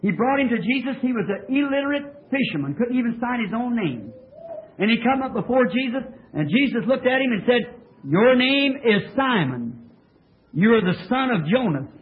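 High, lively male preacher on tinny tape. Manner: emphatic preaching with call-and-response questions. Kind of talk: sermon. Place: church tabernacle.

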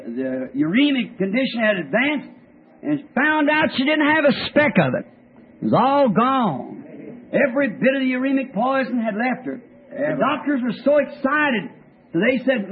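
High husky-voiced preacher on old tape. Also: male voice, phone-quality sound. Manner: folksy, halting, with many restarts and "said" tags. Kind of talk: storytelling sermon.

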